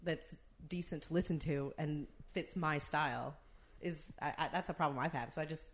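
A woman co-hosting a podcast in casual chat, often halting and restarting words before she gets going. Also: low voice, fairly even intonation. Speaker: podcast co-host.

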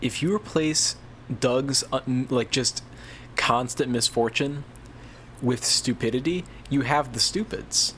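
A man's voice: mid-range voice, unhurried, a bit bright, slight background noise. A man co-hosting a podcast over a video call, laughing often as he chats. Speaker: podcast co-host.

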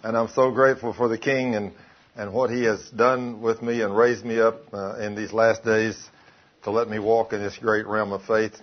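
A man's voice: lowish voice, little pitch movement, moderate pace, muffled recording. A male preacher, delivering a sermon by retelling conversations line by line. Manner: retells dialogue, quoting both sides. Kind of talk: sermon with told stories.

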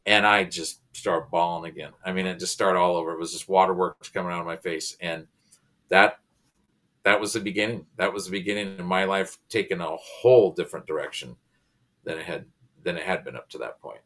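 A low-pitched man shares his faith testimony as a guest, earnest and emotional, his voice rising with feeling in the big moments. He tells it as a personal story, not a sermon. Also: fairly quick. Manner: earnest, emotional, animated retelling. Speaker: pastor, comedian and author, guest.

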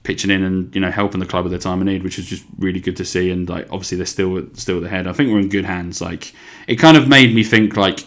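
Young guy with a really low voice, chatting shit on his solo podcast, swears a lot, takes the piss out of himself. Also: steady tone, quick pace, fairly bright tone. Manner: rambling, swears freely, self-deprecating. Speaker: podcast host. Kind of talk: solo casual chat.

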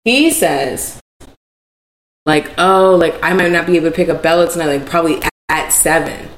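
A woman's voice: deep voice, moderate pace. A woman co-hosting a podcast, telling a story animatedly, full of "like" fillers. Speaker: podcast co-host. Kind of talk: casual chat. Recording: echoey room with background hiss.

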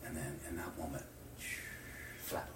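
Male pastor, sermon delivery, animated swings from loud to hushed, distant mic in an echoey church, faint room ambience. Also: very deep voice, moderate pace, a little hiss or hum. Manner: animated, swings from loud outbursts to near-whispers.

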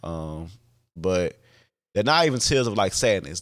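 A man's voice: low-pitched, unhurried. A man hosting a podcast, talking alone in a casual, candid way, with many fillers and restarts and casual swearing. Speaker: podcast host.

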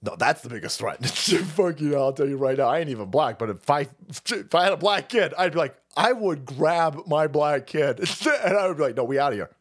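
Animated, profane man ranting on a stream. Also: a little high, moderate pace, hardly any pauses, husky. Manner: profane, laughs often, animated outbursts. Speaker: livestream host. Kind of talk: casual ranting commentary.

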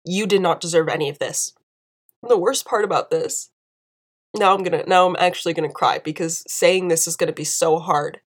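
A woman's voice: fairly low pitch, normal speed. A young woman hosting a podcast, speaking alone in earnest, emotional commentary and repeating phrases for emphasis. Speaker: podcast host. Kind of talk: impassioned solo commentary.

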